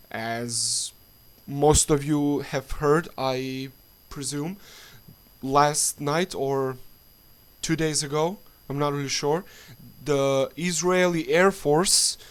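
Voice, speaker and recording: A man delivers a heated political vlog rant in a slightly high voice. He speaks slowly, breaks off and restarts, and swears constantly out of frustration. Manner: angry, profane, halting with restarts. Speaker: political vlogger. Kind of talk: angry political rant to camera.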